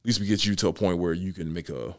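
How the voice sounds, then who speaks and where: A man's voice: low-pitched, very fast, no echo, studio quality. A man who is a county court judge, chatting casually in a long, rambling way with many restarts. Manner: rambling, many restarts and "you know" fillers. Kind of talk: casual podcast conversation.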